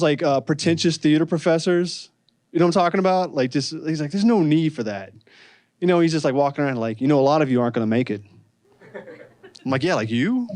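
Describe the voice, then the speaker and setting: A young man from Arkansas doing a stand-up comedy set, chatty and self-mocking, talking straight to the crowd. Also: fairly high pitch. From Arkansas, USA. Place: comedy club stage.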